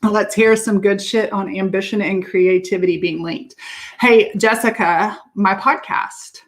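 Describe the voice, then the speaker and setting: A woman business coach talking casually and upbeatly to her viewers, laughing often and filling pauses with "um". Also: mid-range voice, fairly even intonation. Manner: chatty and upbeat, laughs often, many fillers. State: out of breath. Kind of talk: casual livestream talk to viewers.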